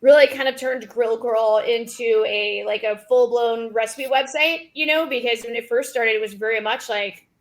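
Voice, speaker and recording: Woman podcast guest, slightly high voice, upbeat and self-mocking. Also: normal speed, few pauses. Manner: bubbly, self-deprecating, lots of fillers. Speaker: podcast guest, food blogger. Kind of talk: casual chat.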